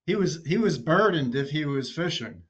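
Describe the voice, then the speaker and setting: A man's voice: on the high side, expressive, normal speed, slightly rough. Teasing man on a dull call line. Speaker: support group member. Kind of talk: casual group video call.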